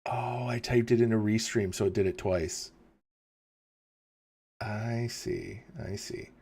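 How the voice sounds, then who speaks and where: A man with a low, gravelly and husky voice chats casually on a livestream. He rambles, chuckles often and reads out questions from chat, sounding tired in the early morning. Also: steady tone, slow, darkish tone. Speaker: livestream host.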